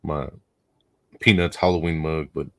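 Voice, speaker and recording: A laid-back man hosting a casual live stream, speaking in a very low, deep voice. He keeps the talk going by asking his guests questions and reading out viewer comments. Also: fairly even intonation, normal speed, vocal fry, fairly bright tone. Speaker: host. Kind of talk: casual chat.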